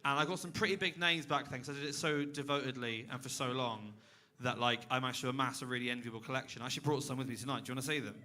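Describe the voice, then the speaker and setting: A man's voice: mid-range voice, fairly even intonation, racing, sharp tone. A young man doing a stand-up set on a club stage, dry and self-mocking, chatting with the crowd. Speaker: stand-up comedian. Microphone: handheld stage mic.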